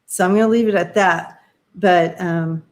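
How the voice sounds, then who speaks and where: A woman doing tarot readings on a live stream, talking in a halting, searching way with many fillers while giving gentle advice. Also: lowish voice, steady tone. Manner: encouraging, gives gentle advice. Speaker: tarot reader.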